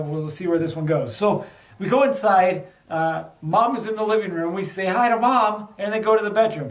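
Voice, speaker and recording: A middle-aged man, a podcast host, telling a candid personal story with a lesson, in a casual conversational way. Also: a little high. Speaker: podcast host, former undercover officer. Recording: echoey room, a bit far from mic.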